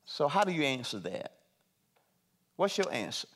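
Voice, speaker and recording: A man leading a meeting as his organization's CEO, talking to his staff in a slow, emphatic way, repeating phrases and putting questions to them. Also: on the high side, very animated, fairly bright tone.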